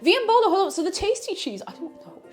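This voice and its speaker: A woman's voice: extremely high pitch, sing-song, fast talker, faint music behind. A woman with an Irish accent, chatty and self-mocking, thinking aloud as she cooks on a stream in her home kitchen. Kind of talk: casual cooking stream chat.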